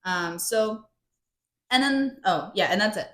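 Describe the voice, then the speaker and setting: A woman's voice: mid-range voice, animated, unhurried, a bit bright. Woman co-host recapping a book, roomy echo. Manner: rambling recap with many ums and restarts. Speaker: podcast co-host. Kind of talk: casual book-discussion chat.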